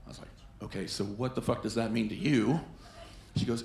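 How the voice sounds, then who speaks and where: Male stand-up comic with a gravelly voice in an echoey club, telling animated stories. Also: mid-range voice, fast. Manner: animated storytelling with quoted voices. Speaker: stand-up comedian. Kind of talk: stand-up comedy set. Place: comedy club stage. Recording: echoey club with faint ambience.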